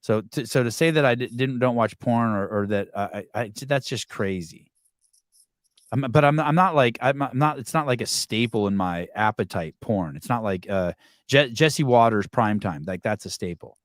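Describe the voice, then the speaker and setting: Profane, animated man ranting. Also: normal speed, no room sound, clean studio sound. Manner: profane, animated, jumps pitch when ranting. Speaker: podcast host. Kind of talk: casual podcast chat.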